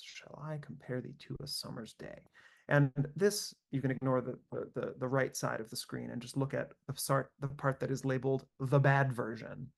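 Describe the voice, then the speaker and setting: A man's voice: medium pitch, vocal fry. A male composer giving an online lecture over a video call, speaking in a thoughtful, searching way with frequent fillers and restarts. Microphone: computer mic on a video call.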